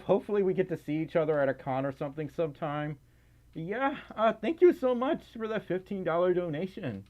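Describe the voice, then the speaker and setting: Young male streamer, highish lively voice, giggly and breathless, rambling casual chat, muffled lo-fi stream audio. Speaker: livestreamer reading donations. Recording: slightly dull lo-fi stream audio.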